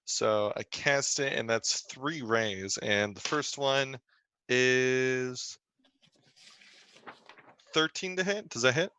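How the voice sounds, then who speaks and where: A man's voice: mid-range voice, takes it slowly, pauses often, sharp tone, smooth, no room sound. A man playing a tabletop game, working through his dice rolls aloud with some uncertainty. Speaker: player.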